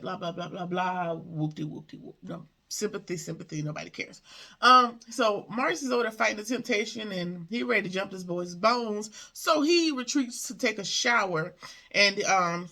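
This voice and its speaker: A woman's voice: mid-range voice, bright, forceful tone. Sassy woman recapping a show. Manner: sassy, talks back to the characters. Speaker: TV show reviewer. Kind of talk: casual recap commentary.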